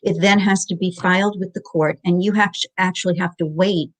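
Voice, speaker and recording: A woman's voice: on the low side, steady tone, fairly quick. A middle-aged woman, a guest in an interview, explaining divorce finances methodically and spelling out jargon step by step.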